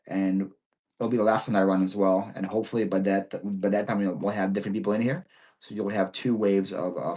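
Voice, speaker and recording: A man with a Philadelphia accent, born in Ukraine, hosting a relaxed livestream Q&A for sellers. His voice sits a little low, and his talk keeps catching on repeated words and restarts. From Ukraine, raised in Philadelphia. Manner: halting, repeats words often. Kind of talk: casual livestream Q&A.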